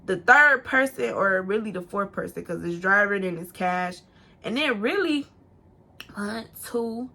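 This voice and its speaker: A young woman casually telling a personal story to camera, animated and profane, acting out what people said. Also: medium pitch, a little slow. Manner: animated, swearing, acts out quotes in a raised voice. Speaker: storytime vlogger.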